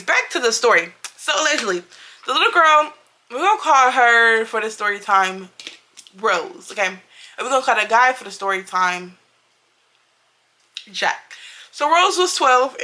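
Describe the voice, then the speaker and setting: A fairly high-pitched woman with a sharp tone chats to her viewers as a beauty vlogger. It's a casual makeup review and storytime in which she's emphatic and keeps repeating herself.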